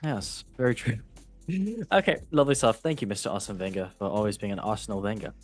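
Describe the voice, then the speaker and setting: A man's voice: on the low side, animated, quick pace, faint music behind. A man hosting a casual football podcast, reading news in a chatty, jokey way and tripping over words now and then. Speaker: host.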